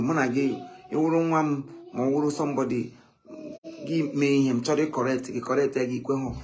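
A man telling stories in a casual live chat, animated and often quoting others. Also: medium pitch, fairly quick, a crowd in the background. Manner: animated, switching between English and Igbo, quoting others.

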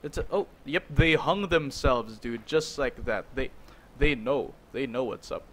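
A young man commentating a video game, excitable and jokey, talking to his character as he plays. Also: mid-range voice, a little slow. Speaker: gaming YouTuber. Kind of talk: let's play commentary.

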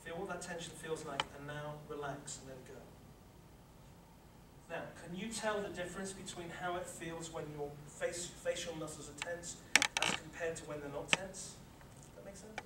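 A man with a slightly higher voice leads a workshop, coaching listeners through tensing and relaxing and repeating each instruction. He stands some distance from the mic, so his voice comes across roomy and echoey, with loud noise underneath. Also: steady tone, normal speed. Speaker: sports psychology presenter. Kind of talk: live workshop talk with guided exercise. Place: lecture room with a live audience.

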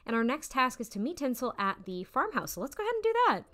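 A woman's voice: fairly high pitch, very animated, fast talker, sharp tone. A bubbly young woman giving let's-play commentary with frequent giggles. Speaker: gaming YouTuber.

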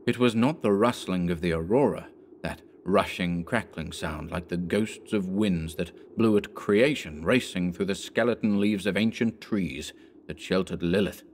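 A man narrating a horror story as an audiobook, in a measured, dramatic way. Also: sits low, a little hiss or hum.

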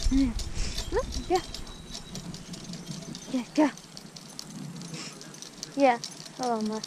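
A high-pitched woman calls out short commands and praise to a dog pulling her along a trail outdoors. Her talk between commands is slow and unhurried. Clear outdoor noise runs behind her. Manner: calls out short commands like hike, wait and good girl. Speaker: dog owner on a sulky run. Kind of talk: casual commands to a dog while riding.

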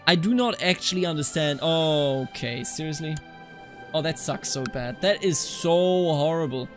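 Excitable man narrating his own gameplay. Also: a little high, moderate pace, soft background music. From Bavaria, Germany. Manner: animated, reacts loudly to setbacks. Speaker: let's play commentator. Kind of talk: live gameplay commentary.

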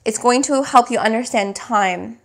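A woman giving a spiritual tarot reading, speaking in slow, emphatic affirmations and at times searching for words. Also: a little high. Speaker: tarot reader.

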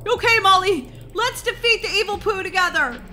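A woman's voice: very high-pitched, lively intonation, moderate pace, pushed and bright, slight background noise, full character voice. A woman voicing an earnest heroic sidekick who urges the team on. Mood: urgent. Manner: earnest, urgent rallying. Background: game music.

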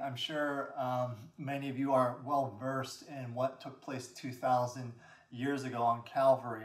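Man as pastor preaching a sermon, mid-pitched, roomy echo, heard from a distance. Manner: earnest, rising emphasis on repeated phrases. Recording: echoey room, mic at a distance.

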